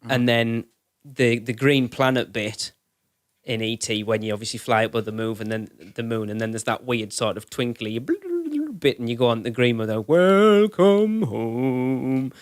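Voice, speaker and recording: A man's voice: medium pitch, animated, moderate pace, dry recording. Guy on a podcast just chatting, kinda rambly, catches his own mistakes, dry close mic. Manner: rambling, corrects himself mid-thought. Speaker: podcast co-host. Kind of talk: casual chat.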